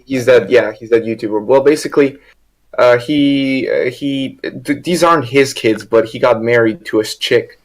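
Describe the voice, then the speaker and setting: A man's voice: mid-range voice, moderate pace. A man co-hosting a podcast in crude casual chat, rambling with many restarts. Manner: rambling, full of fillers and restarts. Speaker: podcast co-host.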